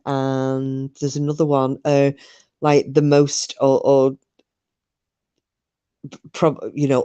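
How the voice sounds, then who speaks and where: A middle-aged woman with a low, deep voice talks to her live audience. She rambles from one thought to the next and swears offhandedly. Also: warm tone. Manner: chatty, rambling, swears casually. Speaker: livestream host reading chat. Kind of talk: casual live chat with viewers.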